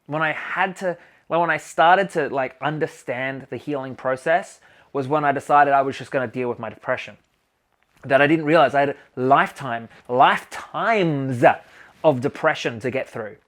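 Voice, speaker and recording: A man talking casually to camera as a healing coach, animated and emphatic, swearing freely as he talks. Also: mid-range voice, normal speed. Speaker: healing coach and channel host. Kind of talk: casual self-help monologue to camera.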